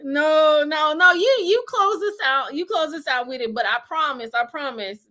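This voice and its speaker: Guest, female, bright high voice, bashful and giggly casual chat. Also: expressive, moderate pace. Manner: giggly, bashful, laughs often.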